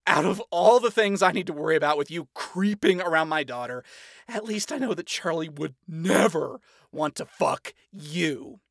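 A narrator voicing a brash male demon king who laughs and shouts crudely, in a storybook reading. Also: mid-range voice, expressive, moderate pace, creaky, no room sound, studio quality, pitched above the performer's own voice. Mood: mocking glee.

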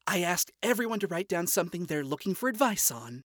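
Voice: mid-range voice, sing-song, fairly quick, a bit bright, dry recording, clean studio sound, pitched above the performer's own voice. A narrator voicing a cheerful, earnest young demon princess who talks in an upbeat, encouraging way, in a storybook reading.

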